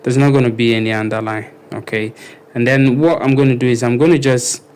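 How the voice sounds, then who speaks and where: A man talking casually through a screen-recorded web design tutorial, thinking aloud and filling pauses with ums and okays. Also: mid-range voice, steady tone, a little mellow, clear, resonant tone.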